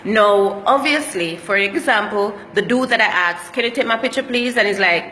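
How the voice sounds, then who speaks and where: A woman's voice: mid-range voice, normal speed, pushed and bright, long reverb tail, slight background noise. A Jamaican woman telling travel stories in a casual vlog, slipping into patois as she talks. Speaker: travel vlogger.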